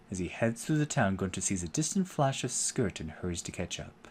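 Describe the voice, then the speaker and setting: A man's voice: deep voice, very animated, a little fast, hardly any pauses, a little mellow, a little hiss or hum. A man reading a game's story aloud as narrator, dropping casual asides in between. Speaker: let's play host.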